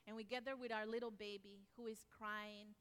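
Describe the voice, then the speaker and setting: Expressive woman preaching in an echoing hall. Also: medium pitch, fairly quick, smooth. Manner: expressive, swings from loud to hushed. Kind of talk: sermon with personal stories. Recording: long hall reverb.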